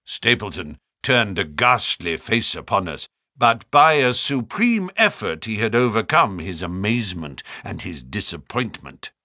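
A man narrating an audiobook with expressive, lively storytelling. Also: lowish voice, a little slow, hardly any pauses, no echo, clean studio sound.

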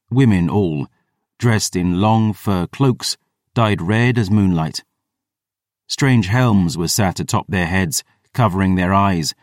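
A man with a very low voice narrates a first-person fantasy story in a measured, descriptive way. He is close to the mic in a dry studio recording. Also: dry recording. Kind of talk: scripted fantasy audiobook narration.

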